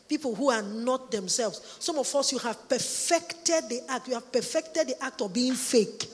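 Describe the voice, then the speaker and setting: A woman delivers a sermon with emphatic, repeated lines. Her voice sits fairly high, and it rings with a long reverb from a large church hall. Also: normal speed. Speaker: preacher.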